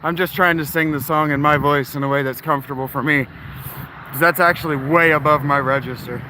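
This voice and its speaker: A man's voice: a little high, fairly even intonation, a little fast. A man talking casually while walking outdoors, short of breath, blunt and profane with rambling asides. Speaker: street vlogger and storyteller. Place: outdoors on town streets. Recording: outdoor traffic noise.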